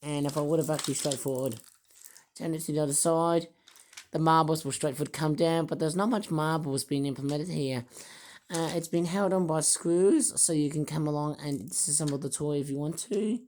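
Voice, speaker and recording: A man with a sore, hoarse throat, rambling through a casual toy review vlog from a quiet room at home. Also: a little high, normal speed. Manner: rambling, repeats fillers and restarts.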